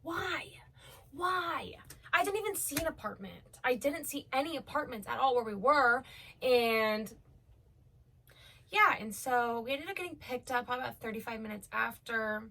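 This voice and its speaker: A woman's voice: fairly high pitch, animated, moderate pace, pushed and bright. A young woman from Omaha telling a storytime vlog in a chatty, profane way, with many fillers. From Omaha, United States. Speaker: vlogger.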